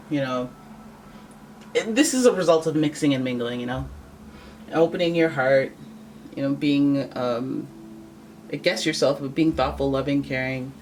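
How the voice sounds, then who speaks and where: A tarot reader from Canada, giving a casual, joking reading to camera and thinking aloud. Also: mid-range voice. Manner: chatty, joking, thinks aloud and corrects itself. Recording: voice a little far from the mic, faint background noise.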